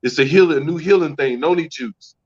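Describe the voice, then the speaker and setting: Man listing things fast, dull recording. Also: a little high, a little mellow. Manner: rapid listing, hesitant with many ums. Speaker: podcast co-host. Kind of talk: casual chat.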